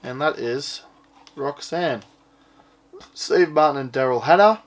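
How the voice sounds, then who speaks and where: A man's voice: on the high side, takes it slowly. A man chatting casually as he shows off his purchases, rambling and offhand and swearing now and then. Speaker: collector showing his purchases. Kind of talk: casual unboxing chat.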